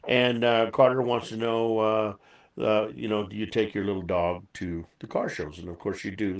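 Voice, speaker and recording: A man's voice: fairly low pitch, level tone, moderate pace, roomy sound, distant mic. A man hosting a casual chat interview, folksy and chatty, laughing easily. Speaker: show host.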